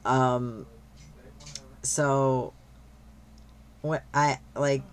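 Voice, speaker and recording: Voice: medium pitch, steady tone, very slow, a little hiss or hum. A streamer chatting casually while gaming, rambling with lots of fillers and freely swearing.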